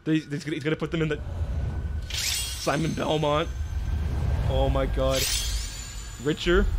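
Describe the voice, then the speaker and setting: A man hosting a reaction video, excitedly calling out what he sees and shouting in disbelief. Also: high voice, noisy background. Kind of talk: excited live reaction commentary. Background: trailer music playing.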